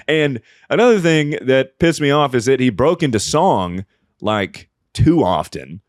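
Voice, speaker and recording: A man's voice: mid-range voice, very animated, measured pace, no echo, clean studio sound. A man co-hosting a casual comedy podcast, ranting profanely and breaking into mocking voices. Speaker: podcast co-host.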